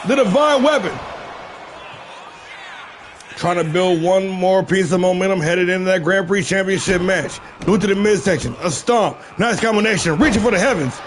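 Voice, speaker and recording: High-voiced, excitable male game commentator. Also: moderate pace, slight background noise. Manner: excitable play-by-play with shouted calls and profane asides. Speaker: stream host and play-by-play commentator. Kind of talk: live-streamed wrestling video game commentary.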